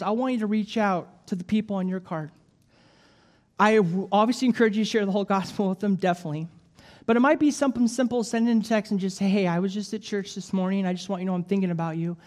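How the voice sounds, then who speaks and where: A man preaching as an evangelist, telling stories with jokes and an animated, lively delivery. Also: sits high. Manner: animated storytelling with jokes and laughs. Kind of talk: sermon.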